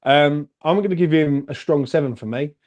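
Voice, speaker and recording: A man co-hosting a casual football fan chat, animated and chatty, calling everyone "mate". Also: a little high, moderate pace. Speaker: fan channel co-host.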